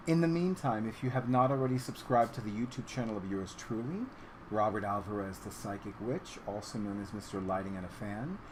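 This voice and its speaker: A man talking casually to his viewers about what has been on his mind lately. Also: slight background noise. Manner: switches to a high animated baby-talk voice when addressing his cat. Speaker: vlogger. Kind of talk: casual vlog talk to camera.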